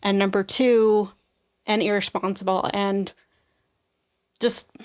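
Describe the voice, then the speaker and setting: A young adult woman giving an emotional personal testimony as a podcast guest, acting out what people said and leaning on "like" a lot. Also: medium pitch. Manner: emotional storytelling, acts out quoted voices, frequent "like".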